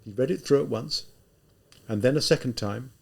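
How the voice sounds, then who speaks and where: A man narrating a classic novel as an audiobook, in an expressive storytelling manner. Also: mid-range voice, normal speed, vocal fry, slightly rough.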